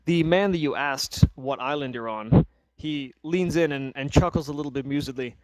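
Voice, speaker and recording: A man narrating a tabletop role-playing game as game master, relaxed and loose, with many "uh" fillers. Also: a little high, normal speed, no room sound, poor audio.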